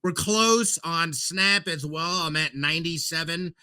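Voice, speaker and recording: Bright-voiced casual podcast guy. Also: fairly high pitch, a little slow. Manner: rambling, laughs easily. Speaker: podcast co-host. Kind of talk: casual chat.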